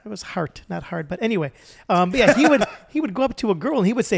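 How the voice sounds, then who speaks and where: A man co-hosting a podcast, telling a story in a rambling casual chat with halting restarts. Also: high-pitched, sing-song, gravelly, husky. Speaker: podcast co-host.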